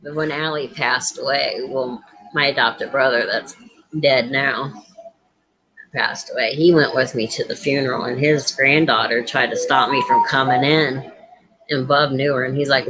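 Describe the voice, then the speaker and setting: A woman's voice: extremely low pitch, moderate pace, poor audio. A woman hosting a casual chat, telling family stories and acting out the voices of the people in them. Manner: animated, acts out quoted voices. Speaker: host.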